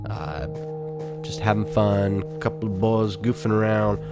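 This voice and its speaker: A man's voice: lowish voice, unhurried, gravelly, over loud music. A man co-hosting a podcast, chatting casually and rambling with fillers. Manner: rambling, with many fillers and laughs. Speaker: podcast co-host. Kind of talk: casual chat.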